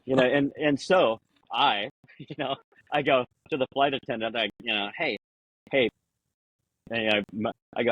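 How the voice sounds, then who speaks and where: Rambling husky-voiced man telling stories. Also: medium pitch, steady tone, normal speed, no room sound, muffled recording. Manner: rambling, lots of "you know", acts out quotes with a raised voice. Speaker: podcast guest. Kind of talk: casual conversational storytelling.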